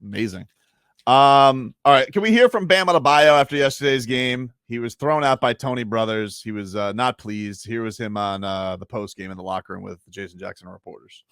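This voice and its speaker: A sports radio host, a man, talks fast and needles his co-host. He argues in a quick, teasing way, and the close mic sounds dry. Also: mid-range voice, a bit bright, clear, resonant tone, no echo. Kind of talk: casual studio banter.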